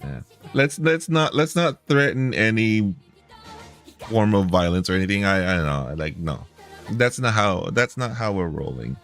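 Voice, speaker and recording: A man's voice: lowish voice, lively intonation, normal speed, fairly bright tone, faint music behind. A man streaming a reaction video, talking in a heated, profane, repetitive way.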